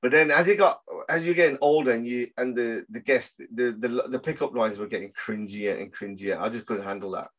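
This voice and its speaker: A man chats casually on a podcast, rambling from one thought to the next and trailing off. His pitch sits right in the middle. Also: fairly quick, hardly any pauses, fairly bright tone. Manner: rambling, trails off, laughs along. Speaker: podcast host. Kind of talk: casual chat.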